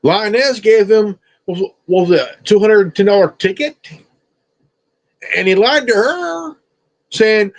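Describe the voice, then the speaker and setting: A man's voice: high-pitched, slow, pauses often, rough recording. A man streamer ranting at someone in a confrontational, profane, repetitive way. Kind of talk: confrontational rant.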